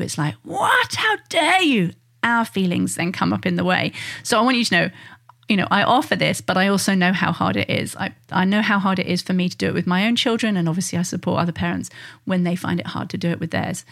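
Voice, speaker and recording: A woman, a parenting coach talking earnestly and reassuringly to parents, acting out the quotes she gives. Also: medium pitch. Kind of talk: direct-to-listener parenting advice.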